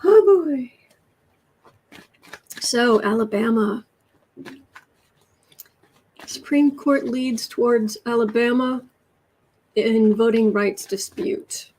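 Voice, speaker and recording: A woman's voice: fairly high pitch, fairly even intonation, slow, long pauses, darkish tone, a little hiss or hum. An American woman hosting a casual political livestream, reading headlines aloud and reacting with exasperation. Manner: exasperated, reads headlines aloud, coos to her cat. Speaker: livestream host.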